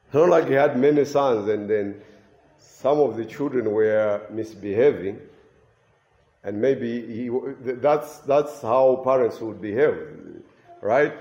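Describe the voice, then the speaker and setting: A man's voice: medium pitch, animated, measured pace, darkish tone, echoey room. A man preaching a sermon with emphasis, repeating key phrases for weight.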